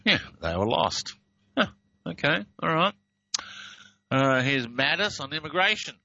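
Slow, wry Australian man. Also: on the high side, sing-song, gravelly, sharp tone, highs cut off, slight background noise. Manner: drawn-out, wry reading of phrases. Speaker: video host. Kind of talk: casual commentary over played clips.

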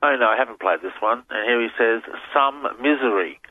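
A man's voice: mid-range voice, fast. A man with an Australian accent, a guest chatting agreeably on a radio show. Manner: agreeable, animated. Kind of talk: casual radio chat. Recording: phone line with background noise.

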